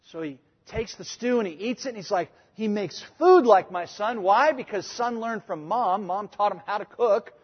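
A man preaching a sermon, emphatic and conversational, switching between loud points and quiet asides. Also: sits high, moderate pace, hardly any pauses, slightly rough, big-room sound, highs cut off. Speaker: pastor.

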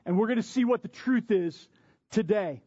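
A man's voice: high voice, moderate pace, mellow, slightly rough, no room sound, lo-fi sound. A man preaching a sermon, with emphatic repetition and rhetorical questions. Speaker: pastor.

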